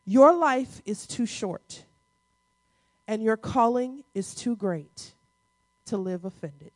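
A woman in her forties preaching a sermon, with playful asides and key lines repeated slowly for the congregation. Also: expressive, dry recording. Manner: playful asides with quick dips into a low, quiet voice. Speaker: pastor.

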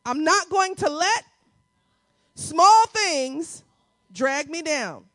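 A woman in her forties preaching a sermon, with playful asides and key lines repeated slowly for the congregation. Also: animated, no room sound. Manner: playful asides with quick dips into a low, quiet voice. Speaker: pastor.

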